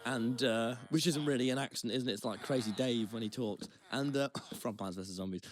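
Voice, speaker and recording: A man's voice: medium pitch, a little fast, a little hiss or hum. A young man co-hosting a chat podcast, telling a rambling, self-deprecating story with lots of restarts. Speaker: podcast co-host. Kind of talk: casual anecdotal storytelling. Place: Brighton.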